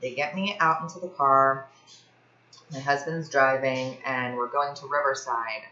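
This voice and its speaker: A young woman from Ohio chatting casually to camera, telling a personal story in a lively way, with lots of fillers. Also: extremely low pitch, measured pace, roomy sound, dull audio. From Ohio, USA. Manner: chatty, animated, many fillers like "like". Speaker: fitness vlogger.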